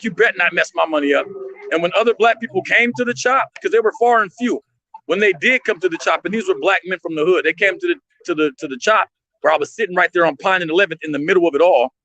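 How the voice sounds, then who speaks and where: A man's voice: high voice, sharp tone, slight background noise, low-quality recording. A man talking emotionally and emphatically on a livestream from his street stand, in slangy street talk. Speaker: street artist and vendor, livestream guest.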